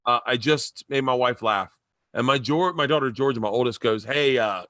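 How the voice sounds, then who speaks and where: A man's voice: moderate pace, dry recording. A middle-aged man, a guest comedian, telling stories in a casual chat and acting out the voices of the people in them. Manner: animated, acts out quoted voices with big pitch jumps.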